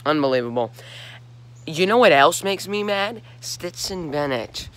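A man's voice: on the high side, expressive, measured pace, fairly bright tone. Exasperated man ranting about sports. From Georgia, USA. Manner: exasperated, ranting, repeats himself in disbelief. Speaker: sports talk host. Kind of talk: solo sports rant vlog.

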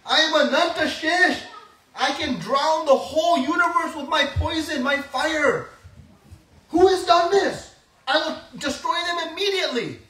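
A man voicing a boastful, scolding elder brother in a loud, indignant, theatrical way, heard from a distance in an echoey room. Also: sits high, normal speed, voice pushed up. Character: boastful young boy Balaram, blustering elder brother.

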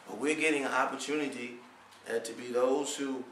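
A man delivering a Friday sermon as preacher. He speaks with passion, asks many rhetorical questions, and swells to near-shouts. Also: medium pitch, fairly even intonation, brisk, noisy background. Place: prayer hall. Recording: echoey room, voice from far off.

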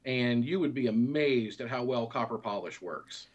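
A man, a guest in a casual interview, explaining things in a relaxed, easygoing way. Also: medium pitch, normal speed, breathy edge, highs cut off.

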